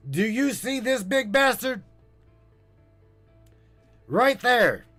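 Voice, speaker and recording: A man's voice: very high voice, big pitch swings, very slow, fairly bright tone, soft background music. A male podcast host ranting with urgency, pleading and swearing, repeating himself as he goes. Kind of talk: impassioned livestream rant.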